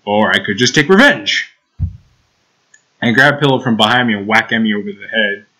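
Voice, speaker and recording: A man's voice: fairly low pitch, brisk, pushed and bright, soft background music, poor audio. A young man hosting a let's play, reading visual novel text aloud with casual, giggly asides.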